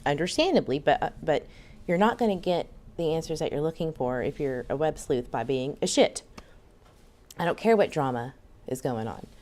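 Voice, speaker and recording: A woman's voice: low voice, lively intonation, moderate pace, darkish tone. A woman hosting a podcast, giving frank, blunt commentary in a casual way. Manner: frank, blunt, occasional swearing. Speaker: podcast host.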